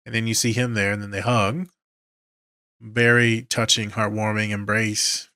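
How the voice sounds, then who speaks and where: A man's voice: fairly low pitch, creaky, sharp tone, no room sound, clean studio sound. A man hosting a podcast as a therapist, retelling film scenes emotionally with quoted lines and swearing. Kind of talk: casual film breakdown.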